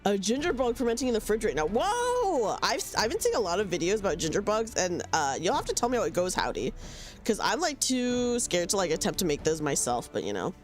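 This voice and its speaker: A woman's voice: medium pitch, wildly swooping pitch, a little fast, faint music behind. A young woman chatting casually on a game stream, giggly and self-deprecating, speaking into a desk mic at home. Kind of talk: casual live-stream chat.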